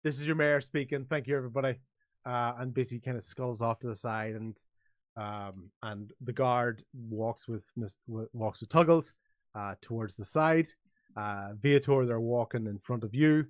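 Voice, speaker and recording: A man's voice: medium pitch, unhurried, no room sound, dull audio. A man narrating a tabletop game as game master, rambling with many restarts. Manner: rambling, full of restarts, voicing many characters.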